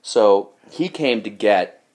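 A man's voice: fairly low pitch, expressive, slow, darkish tone. A man, a comedian hosting a podcast, telling crude stories in casual, profane chat. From New York. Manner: profane, laughing storyteller.

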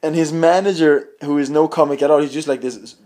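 Higher-pitched male comic guest from Sweden, easygoing and laughing. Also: a little fast. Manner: laughing, animated anecdotes. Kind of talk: casual chat.

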